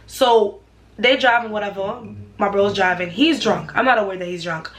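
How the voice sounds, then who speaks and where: A young woman, telling a personal story for her vlog in an animated, slangy way. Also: medium pitch, moderate pace, slight background noise. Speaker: vlogger.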